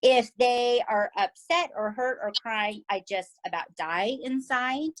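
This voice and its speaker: Animated Southern woman, higher voice. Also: a little slow, rough recording. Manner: animated and emphatic, often asking "right?". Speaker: podcast co-host. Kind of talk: casual chat recapping a TV series.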